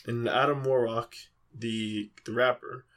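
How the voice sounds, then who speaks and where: Young male podcast co-host, loose rambling delivery, average pitch, casual. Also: steady tone, a little slow, a bit bright. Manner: rambling, filler-heavy storytelling.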